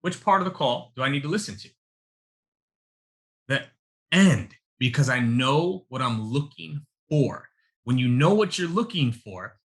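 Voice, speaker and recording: A man's voice: medium pitch, a bit bright. A man teaching a live sales-coaching webinar, emphatic and punchy, calling his audience y'all.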